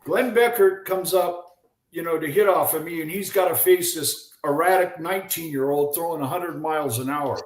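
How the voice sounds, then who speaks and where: Lively older man telling stories. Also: a little high, normal speed, reverberant, low-quality recording. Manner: lively storyteller who acts out quoted voices, with frequent restarts. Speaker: guest, former baseball pitcher. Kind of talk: animated storytelling in a chat.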